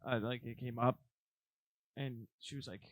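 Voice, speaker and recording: A man's voice: medium pitch, steady tone, a little slow, no echo, studio quality. A young man co-hosting a comedy podcast in casual chat, laughing often as he tells stories.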